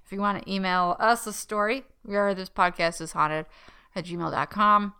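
Woman co-host, relaxed and giggly, smooth bright tone, loose filler-heavy delivery. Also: mid-range voice, normal speed. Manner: laid-back, giggly, lots of likes and fillers. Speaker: podcast co-host. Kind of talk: casual chat, reading a listener story.

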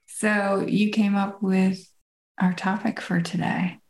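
Unhurried woman co-host from the States, a touch of vocal fry, reflective and easy laughing. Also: medium pitch, little pitch movement, darkish tone. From United States. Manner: laughs easily, thoughtful and reflective. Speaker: podcast co-host. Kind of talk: casual chat. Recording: roomy echo.

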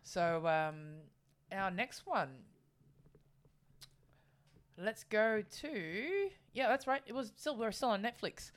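A woman co-hosting a casual chat podcast, telling jokes and stories in an animated way. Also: mid-range voice, slow pace, pauses often. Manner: animated storyteller, acts out quotes. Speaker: podcast co-host.

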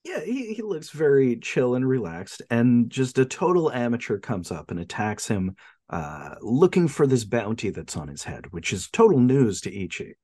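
A man's voice: medium pitch, moderate pace, no room sound. A man co-hosting a film podcast in casual chat, chuckling often and retelling scenes. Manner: chuckling, retells scenes with animated quoted lines.

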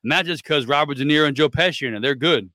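A man's voice: on the high side, rapid-fire, sharp tone, no room sound, studio quality. A man co-hosting a podcast in casual chat, blunt and opinionated, swearing freely. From Florida. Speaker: podcast co-host.

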